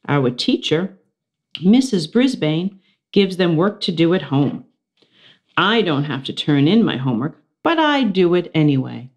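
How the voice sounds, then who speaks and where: Woman, teacher reading aloud, storybook, slow and unhurried, sing-song expressive delivery. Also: deep voice. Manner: expressive, lively voices for characters. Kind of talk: children's storybook read-aloud.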